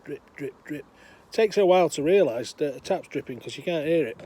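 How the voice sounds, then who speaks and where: A man's voice: a little high, lively intonation, fast, warm tone. An older man with a chatty, meandering manner, telling a long joke outdoors. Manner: meandering, chatty, many fillers. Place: outdoors, windy.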